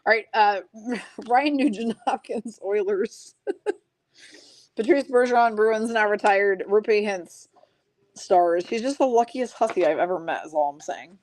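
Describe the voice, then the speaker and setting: A woman's voice: mid-range voice, measured pace, a little mellow. A woman hosting a live card-opening stream, chatting casually, reading viewer comments aloud and laughing often.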